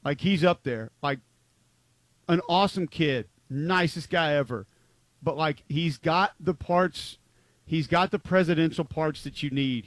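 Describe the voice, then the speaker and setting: A man's voice: on the high side, dry recording. A man co-hosting a football talk show, chatting casually and emphatically with lots of filler words. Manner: rambling, frequent "like" fillers, emphatic. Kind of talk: casual sports chat.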